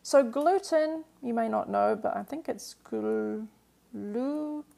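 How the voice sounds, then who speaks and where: A woman's voice: a little high, unhurried, gravelly, warm tone. A woman teaching a live-streamed language lesson, patiently explaining grammar and answering viewer questions with lots of "um" and "like".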